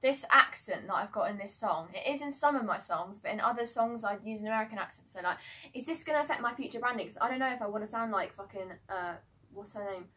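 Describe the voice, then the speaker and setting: A young woman in a casual vlog chat at home, excitable and rambling, swearing often. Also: medium pitch, quick pace. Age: young adult. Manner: chatty, excitable, swears a lot, rambling asides. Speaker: singer-songwriter.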